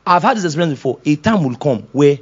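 Animated man preaching a sermon. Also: on the high side, quick pace, husky. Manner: animated preaching, acts out voices, laughs often. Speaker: pastor. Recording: dull lo-fi sound.

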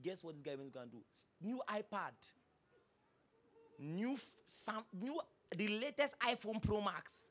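A Nigerian-accented male pastor delivers a sermon with a high, bright voice. His pitch leaps around as he jokes and fires rhetorical questions at the congregation. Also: unhurried. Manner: animated preaching with humor and repeated rhetorical questions.

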